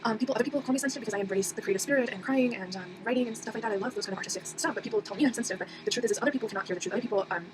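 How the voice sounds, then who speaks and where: A woman's voice: a little high, very fast, hardly any pauses. A young woman telling a personal story in a rambling casual monologue, full of fillers and restarts. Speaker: vlogger. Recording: audible background noise.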